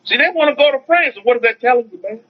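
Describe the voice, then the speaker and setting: An American rabbi with a high-pitched, expressive voice preaches rapid-fire in an informal online lesson, repeating phrases and posing rhetorical questions. He reads out viewer comments along the way, and the audio is dull and lo-fi like a livestream.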